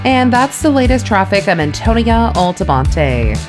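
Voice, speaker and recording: Lively female traffic reporter over music. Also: mid-range voice, normal speed. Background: music bed.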